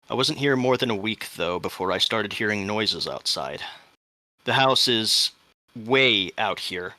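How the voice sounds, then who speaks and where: A man acting as game master, giving a dramatic first-person statement reading in a measured way that drops to hushed tones at the tense moments. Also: lowish voice, no room sound.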